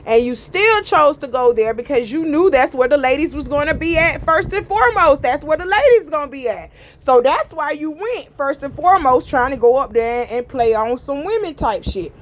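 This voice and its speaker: A woman with a high-pitched voice delivers casual opinion commentary as the host of her own channel. She rants bluntly and profanely, repeating her lines for emphasis and speaking straight to her viewers. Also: a little hiss or hum.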